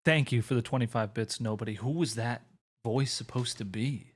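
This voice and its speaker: A young man in a relaxed live-stream chat, talking loosely to his audience with a casual, chatty manner and a bit of swearing. His voice sits at an ordinary middle pitch for a man. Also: moderate pace. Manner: laid-back, chatty, talks to his chat, mild swearing.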